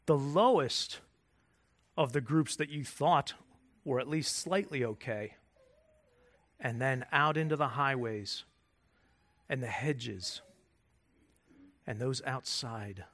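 A man preaching a sermon as pastor. He repeats and restarts words as he searches for phrasing, and he builds from quiet emphasis to rising intensity. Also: medium pitch, slow pace, long pauses.

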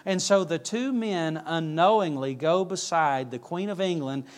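A man's voice: on the high side, a little slow. A male preacher telling an anecdote in a sermon, correcting himself mid-story.

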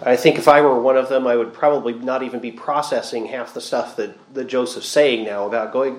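A man's voice: mid-range voice, normal speed. A man giving a Bible study lecture, explaining the text thoughtfully with reflective asides. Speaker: Bible teacher. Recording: roomy echo.

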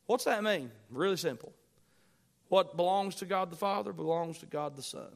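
A man's voice: high voice, normal speed. A male pastor preaching a sermon, quoting scripture in old-fashioned wording and repeating lines with swelling emphasis. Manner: quotes scripture in King James wording.

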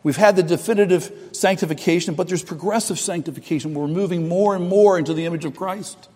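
A middle-aged pastor preaches with earnest conviction, repeating phrases and starting over, his volume rising and falling. His voice sits a little high. It rings out in a long-reverb hall. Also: brisk. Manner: earnest preaching with repetitions and restarts, swinging from loud to soft. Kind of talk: sermon.

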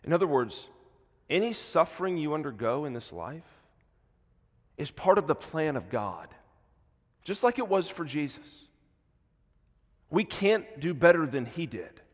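A man's voice: on the high side, big pitch swings, a little slow, long pauses. Man preaching in a reverberant church. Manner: swings from hushed, soft passages to loud, emphatic preaching. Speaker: pastor. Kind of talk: sermon. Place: church sanctuary. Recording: long hall reverb in a church.

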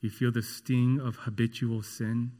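A man preaching a sermon in a slow, earnest and emphatic way. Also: medium pitch, level tone, mellow.

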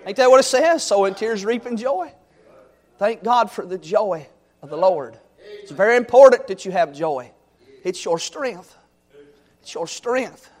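A high-voiced, middle-aged man preaches with fervor. He swings from ringing exhortation down to soft, homey storytelling. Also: expressive, moderate pace. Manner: fervent, swings from loud exhortation to quiet storytelling. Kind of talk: sermon.

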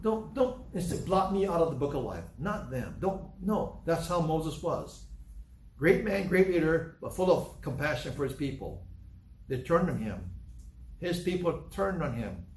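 Conversational male preacher in an echoey room. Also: fairly high pitch. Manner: conversational, acts out scenes in different voices. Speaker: pastor. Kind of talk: sermon.

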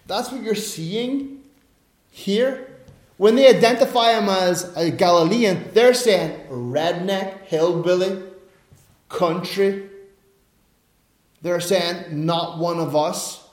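A man preaching a sermon, telling the story in an animated way that swings from quiet asides to loud bursts. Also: high-pitched, takes it slowly, long pauses. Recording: echoey room.

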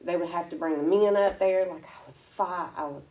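A woman telling her personal faith testimony in an earnest, halting, emotional way. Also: on the low side, narrow, tinny audio.

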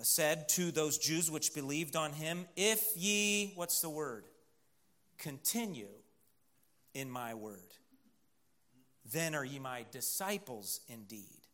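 Bright-voiced man preaching a sermon. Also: a little high. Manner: emphatic preaching with call-and-response pauses. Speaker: pastor.

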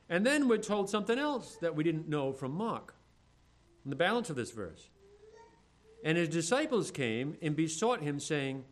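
A male pastor with a slightly high, fairly bright voice preaches a sermon, reading scripture in old-fashioned phrasing before acting out the disciples' complaints in everyday speech.

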